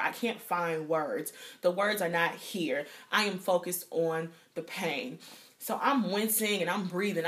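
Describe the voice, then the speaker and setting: A young woman, telling a personal story in a vlog, animated and acting out quotes, sometimes dropping to a whisper. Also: fairly low pitch. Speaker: vlogger.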